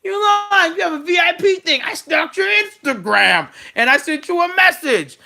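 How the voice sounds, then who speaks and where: A man putting on the voice of a frantic male wrestler who rambles and yells accusations, tripping over his words. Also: very high voice, animated, normal speed, creaky, voice pushed up, heavily acted.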